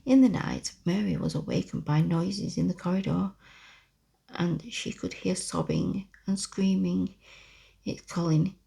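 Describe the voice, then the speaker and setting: Gravelly whispering woman reading a story. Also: fairly low pitch. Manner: slow, soft whispered reading. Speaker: ASMR storyteller. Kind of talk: whispered role-play.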